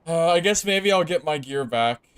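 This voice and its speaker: A young man streaming a video game, chatting casually to viewers, jumping from excited outbursts to low, deflated grumbling. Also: normal speed, smooth, no echo. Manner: swings from excited yelling to mumbled, deflated grumbling. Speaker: gaming streamer. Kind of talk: casual gameplay commentary.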